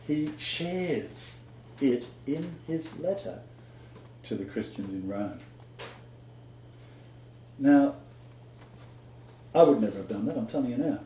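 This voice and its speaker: A man's voice: mid-range voice, expressive, slow pace, long pauses, warm tone, a little hiss or hum. A man giving a chatty Bible lecture, joking and laughing at his own asides. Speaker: Bible teacher. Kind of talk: lecture-style Bible teaching. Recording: dull echoey room recording.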